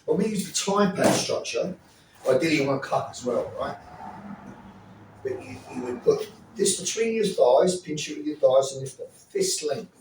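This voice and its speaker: A man's voice: a little high, expressive, moderate pace, far from the mic, noisy background. A man teaching self-defense moves, blunt and profane, often checking in with the listener. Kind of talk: demonstration teaching. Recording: echoey room, off mic, faint ambience.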